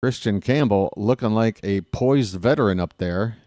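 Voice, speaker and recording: A man's voice: fairly low pitch, moderate pace, mellow, dry recording, clean studio sound. A man with a Baltimore accent doing solo play-by-play for a baseball game, openly rooting for his team. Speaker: play-by-play announcer.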